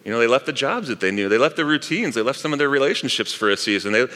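A man's voice: medium pitch, lively intonation, racing, bright, forceful tone. A middle-aged man, a pastor, preaching a sermon in a chatty way, with asides to the congregation. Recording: long reverb of a large hall.

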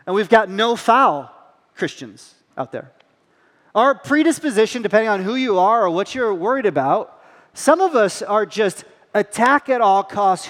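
A man's voice: high-pitched, big-room sound. A man in his thirties preaching a sermon as a pastor, telling a family story with playful acted-out quotes before he turns to the teaching.

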